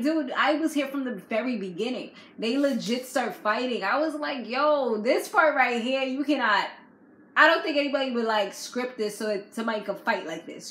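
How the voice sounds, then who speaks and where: A woman talks through a reality TV episode in a loose, slangy, animated way, her voice sitting a little high. The room around her is echoey, and her words ring off the walls. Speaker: reality TV recap vlogger. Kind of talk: casual recap monologue.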